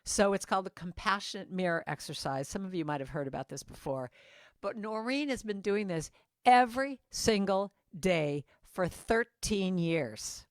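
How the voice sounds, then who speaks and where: A woman's voice: mid-range voice, lively intonation, normal speed, dry recording, studio quality. A woman giving an earnest, chatty inspirational morning message as guest speaker, talking over a video call.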